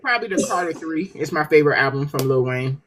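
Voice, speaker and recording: A woman guest author in a casual podcast chat, an animated storyteller who laughs often. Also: low voice, fast talker, a little hiss or hum.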